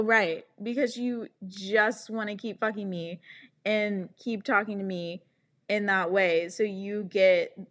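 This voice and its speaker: A young woman hosting a podcast, ranting in a sarcastic, exasperated way and swearing often. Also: medium pitch. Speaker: podcast host. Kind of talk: casual podcast rant.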